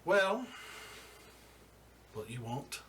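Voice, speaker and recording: A man voicing a short, scarred male crime boss who talks slowly and threatens coldly. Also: a little high, very animated, fairly bright tone, recorded from a distance, slight background noise, pitched above the performer's own voice, full character voice. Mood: sly. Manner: slow, cold and threatening.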